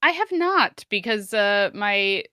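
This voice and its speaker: A woman's voice: mid-range voice, big pitch swings, slow pace, sharp tone, clear, resonant tone, no room sound, studio quality. A woman hosting a trivia night on an online voice call, upbeat and playful, laughing easily and swearing for fun. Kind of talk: casual group chat on a voice call. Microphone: computer mic on an online voice call.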